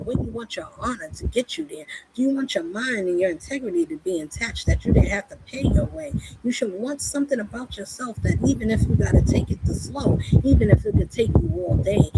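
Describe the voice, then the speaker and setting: A woman preaching fervently in a monologue, pressing her listeners with rhetorical questions. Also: fairly high pitch. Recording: loud background noise.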